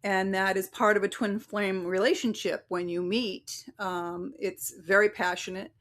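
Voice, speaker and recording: A woman's voice: mid-range voice, little pitch movement, measured pace, fairly bright tone. A woman guest on an interview podcast, a psychic medium and relationship coach, telling stories casually and acting out the voices of the people in them. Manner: chatty, acts out quoted voices in anecdotes.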